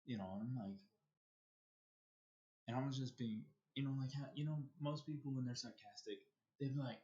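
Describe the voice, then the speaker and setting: A man's voice: mid-range voice, normal speed, a little mellow. Rambling male streamer, dull mic. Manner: rambling, restarts sentences often. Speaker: livestreamer. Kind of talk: casual storytelling while streaming.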